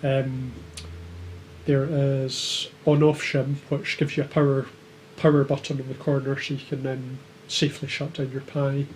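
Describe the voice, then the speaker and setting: A man co-hosting a casual livestream, explaining things hesitantly and filling his pauses with lots of ums. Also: medium pitch, little pitch movement, darkish tone, slight background noise. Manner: hesitant, with many filler ums. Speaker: co-host of a maker livestream.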